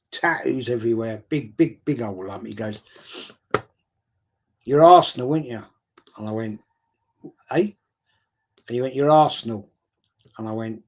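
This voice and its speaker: A man casually telling a story and answering viewer questions on a stream, swearing freely and often stumbling over repeated words. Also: medium pitch. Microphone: streaming setup mic.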